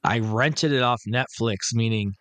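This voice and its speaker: A man's voice: medium pitch, measured pace, fairly bright tone, no room sound. A man co-hosting a podcast, chatting casually about movies, rambling and swearing, acting out scenes as he goes. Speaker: podcast co-host. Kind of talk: casual profane movie chat.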